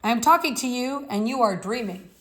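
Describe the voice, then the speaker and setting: A woman's voice: a little high, lively intonation, fairly quick, pitched above the performer's own voice. A woman reading aloud from a novel, voicing an elderly bearded male school official who speaks with stern concern and earnest pleading.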